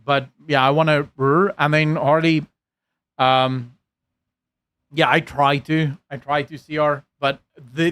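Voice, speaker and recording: A South African man streaming and reading his chat aloud. His voice sits a touch high, and his accent leans American. He rambles in a loose, self-mocking way, full of ums and restarts. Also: a bit bright, dry recording. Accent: South African with an American-leaning lilt. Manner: rambling, self-deprecating, many fillers and restarts. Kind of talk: casual live-stream chat.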